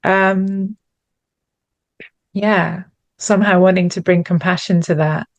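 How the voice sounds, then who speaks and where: A woman's voice: lowish voice, fairly even intonation, takes it slowly, dry recording. A woman co-hosting a podcast, speaking in a reflective, searching way about feelings, often restarting her sentences. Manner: thoughtful, searching, with many restarts. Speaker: podcast co-host. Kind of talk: reflective conversational chat.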